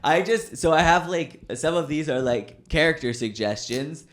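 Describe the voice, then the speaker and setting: A man's voice: a little high, lively intonation, normal speed, a bit bright. A man hosting a casual podcast chat, laid-back and hesitant, laughing often. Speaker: podcast host.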